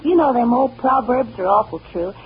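An actress playing a gossipy, folksy wife who talks in chattering, ungrammatical speech, in 1930s radio drama acting. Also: female voice, on the high side, animated, normal speed, gravelly, a little hiss or hum. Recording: dull lo-fi old radio recording.

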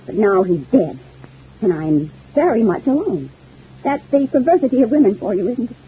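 Lovesick widow, 1940s radio soap, husky voice, lively swooping pitch, tinny old broadcast sound. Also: female voice, moderate pace, exaggerated voice. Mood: confiding. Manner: gushing, wistful and intense. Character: clingy lovesick young widow.

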